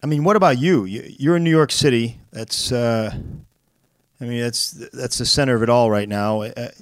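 A man's voice: mid-range voice, normal speed, no room sound. A man co-hosting a podcast, chatting casually with easygoing, dry teasing. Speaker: podcast co-host. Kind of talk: casual chat.

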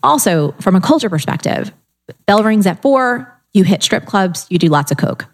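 In casual conversation, a middle-aged woman tells her life story at a normal speed in a mid-range voice. She's animated, acting out her own inner voice and the people she quotes.

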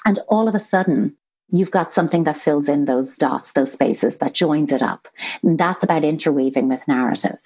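Lower-pitched woman explaining earnestly. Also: brisk, darkish tone, breathy edge. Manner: earnest, explanatory, acts out quoted voices. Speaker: guest psychotherapist. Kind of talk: conversational podcast interview.

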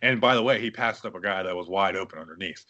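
A man with a bright, forward voice talks football in a loose, casual way. He reads through stats, then gets worked up and rants, packing his talk with "like" and "you know." He sounds like the host of a sports podcast. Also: low voice, fast talker, highs cut off. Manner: animated, ranting with many fillers.

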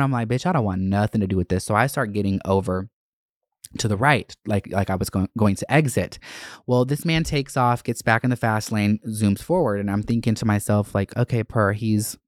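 A man hosting his own podcast, telling a story in a loud, dramatic, profane way that jumps up in pitch for emphasis. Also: dry recording, clean studio sound. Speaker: podcast host. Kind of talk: casual solo monologue.

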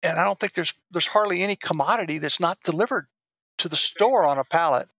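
A man's voice: sits high, fairly quick, a bit bright, breathy edge, no room sound. A middle-aged man, a former DEA agent turned private investigator, being interviewed in a rambling, casual way with frequent restarts. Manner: rambling, restarts often, laughs easily.

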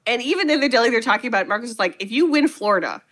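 Bright, high-voiced woman recapping a movie. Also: racing. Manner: animated storytelling, acts out quoted lines. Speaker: podcast co-host recapping a film. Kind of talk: casual chat.

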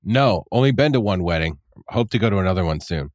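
Lively low-voiced man, podcast producer. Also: fast talker, no echo. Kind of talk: casual chat.

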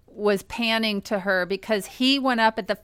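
A woman's voice: mid-range voice, normal speed, fairly bright tone, clear, resonant tone, no echo. A woman guest telling a comic story on a talk show in a dry, self-mocking way.

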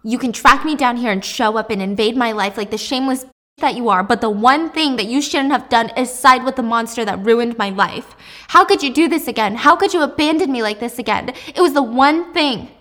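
A woman's voice: fairly high pitch, brisk, bright, forceful tone, long reverb tail. A woman reading the lines of a betrayed young woman confronting her mother, accusing and emotional. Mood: anguished.

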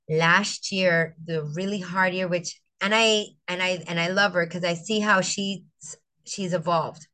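A woman's voice: fairly low pitch, measured pace. A middle-aged woman, a veteran teacher, telling an emotional personal story as a guest and acting out what her students said. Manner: animated, acts out quotes, tearful at times.

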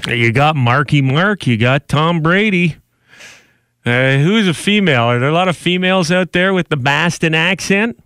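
A man's voice: on the high side, expressive, normal speed, fairly bright tone, clean tone, no echo. A man hosting a radio show, bantering and joking and laughing often in a studio. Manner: jokey, laughs often, does silly voices. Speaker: radio host.

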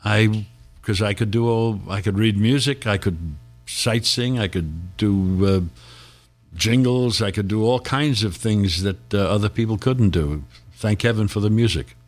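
A man's voice: lowish voice, measured pace. An older man, a guest actor, reminiscing in a casual interview, rambling through stories and chuckling often.

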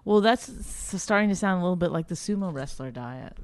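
A woman from Canada co-hosting a casual podcast, lively and teasing, slipping into voices as she tells stories. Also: on the low side, fairly quick, no echo. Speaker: podcast co-host. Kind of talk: casual chat.

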